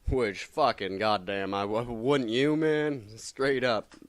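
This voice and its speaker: A man's voice: medium pitch, slow, no room sound. A man casually reviewing comic books, rambling and swearing constantly with lots of filler words. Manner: profane, rambling, animated, many fillers. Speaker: comics vlogger.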